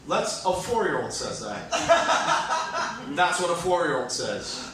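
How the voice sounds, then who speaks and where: A man's voice: on the high side, wildly swooping pitch, slow pace, long pauses, fairly bright tone, slight background noise. A man in his thirties doing a self-mocking stand-up comedy set on a hotel comedy stage. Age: 30s. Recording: echoey room from far off, faint ambience.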